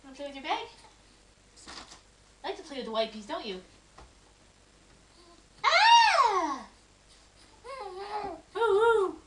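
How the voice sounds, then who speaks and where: A woman's voice: high voice, sing-song, fairly quick, long pauses, recorded from a distance, background noise. Woman cooing baby talk in an echoey room. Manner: playful, coaxing sing-song baby talk. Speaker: parent filming her baby. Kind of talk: home video baby talk. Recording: echoey home video room.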